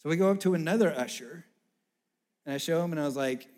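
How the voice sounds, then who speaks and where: A man delivers a sermon story in a slightly high voice. He tells it in an animated way and slips into the voices of the people in the story. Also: fast talker.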